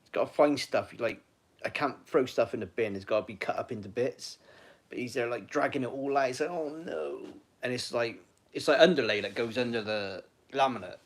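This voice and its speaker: A man's voice: mid-range voice, a little fast. A man chatting casually on a live stream from home, rambling and talking to viewers and his dog.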